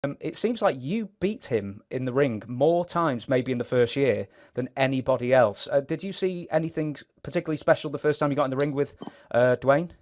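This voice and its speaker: A man's voice: mid-range voice, animated, a little fast, few pauses, darkish tone, no echo. A man interviewing a guest, asking long questions with hesitant fillers. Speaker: interviewer and author.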